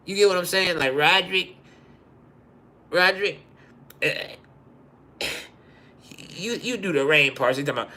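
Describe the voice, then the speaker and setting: A man hosting a live stream, telling rambling, profane comedic stories in an animated way. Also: sits high, moderate pace, pauses often.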